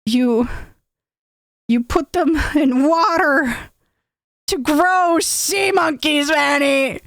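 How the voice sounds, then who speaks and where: A woman's voice: a little high, expressive, slow, dry recording, clean studio sound. A woman voicing an alarmed, insistent older brother scolding his little sister. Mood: urgent. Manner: insistent, repeating name.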